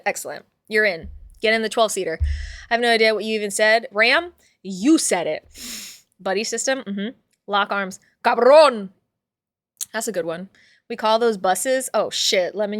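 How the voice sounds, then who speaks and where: A woman's voice: medium pitch, dry recording, clean studio sound. A woman hosting a livestream, chatting casually with viewers in a playful, rambling way and laughing often. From father from Puerto Rico. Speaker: livestream host reading chat.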